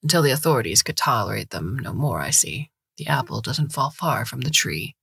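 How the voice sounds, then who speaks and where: A woman's voice: very deep voice, sing-song, a little fast, gravelly, a bit bright, slightly rough, no room sound, studio quality, voice pushed down, heavily acted. A woman playing a grown male poet, talking in a wry, stubborn way. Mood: dry.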